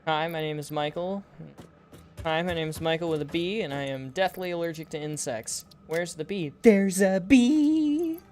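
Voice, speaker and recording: A man's voice: fairly high pitch, steady tone, soft background music, natural voice. A man putting on a panicky young man allergic to bees, who shrieks about a bee. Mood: panicked. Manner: screams in sudden slow shrieks.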